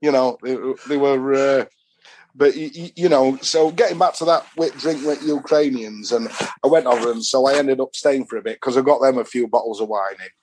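A man's voice: mid-range voice, fairly quick, a little mellow, a little hiss or hum. A middle-aged man with a Yorkshire accent, rambling through travel anecdotes in a casual podcast chat. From Doncaster, England. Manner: rambling anecdotes with dialect phrasing. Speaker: podcast guest.

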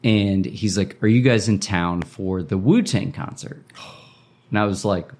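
An animated, casual podcast co-host from Indiana tells a story at a measured pace in a somewhat low voice. He keeps acting out what other people said, and filler "likes" run all through his telling.

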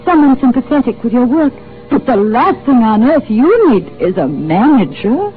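An actress playing a shy, gentle and lonely bookshop clerk, speaking sweetly in a 1940s radio drama on a tinny broadcast. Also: female voice, a little high, big pitch swings, moderate pace, soft background music. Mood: tender. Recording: tinny lo-fi old radio broadcast, faint hiss.

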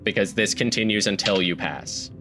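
A man's voice: lowish voice, moderate pace, vocal fry, over music. A man running a tabletop game as game master, narrating with fillers and frequent laughter.

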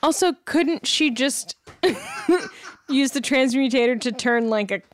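A woman's voice: high-pitched, expressive, slow, no room sound. A woman co-hosting a casual podcast, recapping an episode with swearing and frequent laughter. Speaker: podcast co-host.

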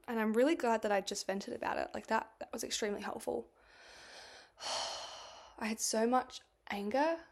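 A young woman hosting a casual solo podcast, telling a story in a chatty, animated way and swearing freely. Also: fairly high pitch, creaky. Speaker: podcast host.

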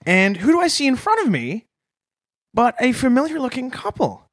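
A man's voice: very high voice, big pitch swings, moderate pace, fairly bright tone, dry recording, clean studio sound. A man co-hosting a comedy podcast, telling absurd made-up stories in a mock-serious, straight-faced way. He is from Toronto. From Toronto, Canada. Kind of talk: deadpan comedic storytelling.

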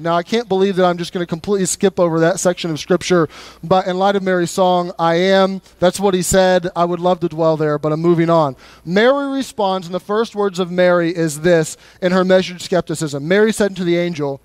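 Male pastor, sermon, high voice, conversational, animated, dry close sound. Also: brisk, clean tone, no echo. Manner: conversational, animated, frequent word repeats. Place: church sanctuary.

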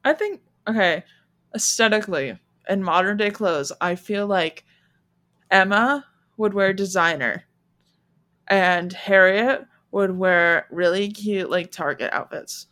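A woman co-hosting a casual book discussion podcast, talking animatedly and acting out characters in quick voices. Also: medium pitch, a bit bright. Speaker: podcast co-host.

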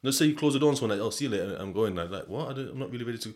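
Over some background noise, a young man with a mid-range voice talks very fast and animatedly, hosting a casual podcast alone. He rambles in slang, swears plenty, and keeps laughing.

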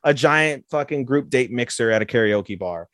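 A man co-hosting a podcast, casually recapping an anime episode with lots of swearing and quick character voices. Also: no room sound, clean studio sound. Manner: excitable, swears a lot, acts out characters in quick high voices. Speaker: podcast co-host.

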